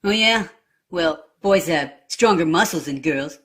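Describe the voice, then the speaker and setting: A woman's voice: on the low side, animated, unhurried, a bit bright, voice pushed down. A woman voicing a boastful young boy who teases a girl. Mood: teasing.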